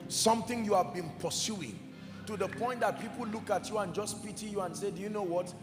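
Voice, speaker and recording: A man preaching a sermon in an emphatic, fervent way, sometimes shouting and sometimes dropping to a hush. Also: sits high, a little fast. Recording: echoey hall with music behind. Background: soft music.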